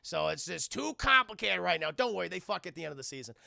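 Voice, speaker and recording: A man's voice: high-pitched, big pitch swings, fast, vocal fry, sharp tone, no echo, clean studio sound. A man streaming a casual, crude, joking recap of a cartoon episode, talking to his chat.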